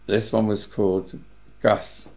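Gravelly older Englishman, slurring. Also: lowish voice, takes it slowly. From England. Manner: lively, chatty storyteller. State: slurring words from medication. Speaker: interviewee, former cinema manager. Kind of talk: casual anecdotal storytelling.

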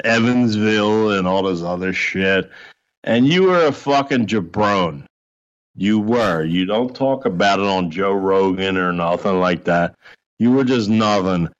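A man's voice: fairly low pitch, dull audio. A man ranting in a heated, profane, mocking way during a podcast chat. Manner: foul-mouthed, heated, mocking.

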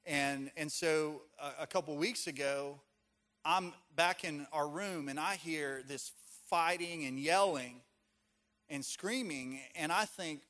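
Conversational pastor with a higher voice. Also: male voice, takes it slowly, bright, forceful tone. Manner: conversational, storytelling with casual fillers. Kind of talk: sermon.

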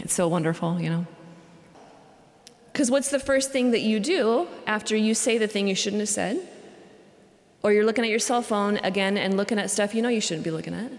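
A religious sister giving a conversational retreat talk, repeating phrases for emphasis. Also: female voice, mid-range voice. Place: cathedral. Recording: long cathedral reverb.

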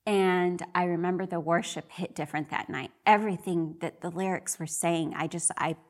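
Woman, middle-aged, slightly low voice, heartfelt faith testimony, earnest and emotional. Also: fairly even intonation, normal speed. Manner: earnest and emotional, often re-voicing her own prayers. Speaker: church member sharing her testimony.

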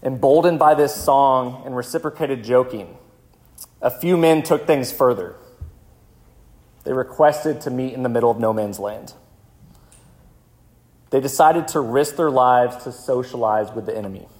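A male pastor telling a vivid story in a sermon, slowing down for dramatic moments. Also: mid-range voice, a little mellow. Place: church.

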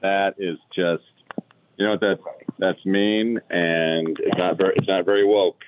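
A man's voice: low-pitched, fairly even intonation, a little slow, background noise. A man telling golf jokes in a casual comedy podcast chat, a playful storyteller who teases the others. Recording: tinny dry phone-like sound.

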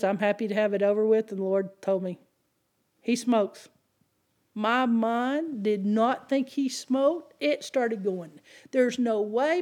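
A woman preaching a sermon, telling stories in an animated way and acting out the people she quotes. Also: a little high. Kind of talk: sermon with storytelling.

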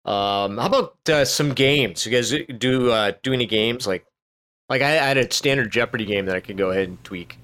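A man's voice: mid-range voice, brisk, a bit bright, smooth. A man hosting a casual podcast about training. He speaks in a chatty way, full of asides and filler words. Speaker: podcast host.

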